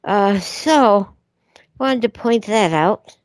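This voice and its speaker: A woman's voice: mid-range voice, expressive, very slow, no echo. A woman calling in to a radio talk show, speaking in a hesitant, casual way with many fillers. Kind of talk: casual chat.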